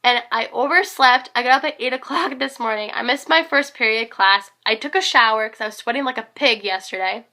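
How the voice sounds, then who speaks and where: A teenage girl with a hoarse voice, rambling and gushing in a casual vlog recap, full of fillers. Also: on the high side, brisk, few pauses, bright, forceful tone. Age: teens. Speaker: concert fan vlogger.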